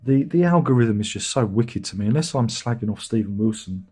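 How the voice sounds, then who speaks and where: A man's voice: mid-range voice, animated, fairly quick, mellow, slightly rough. A man hosting a casual livestream chat, rambling and self-deprecating. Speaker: livestream host.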